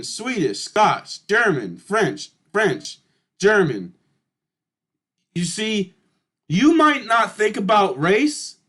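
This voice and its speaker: High-voiced man, blunt, emphatic commentary. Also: fairly bright tone, breathy edge. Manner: emphatic and blunt, swears, keeps addressing viewers as y'all. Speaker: channel host. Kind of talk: casual commentary reading through historical charts.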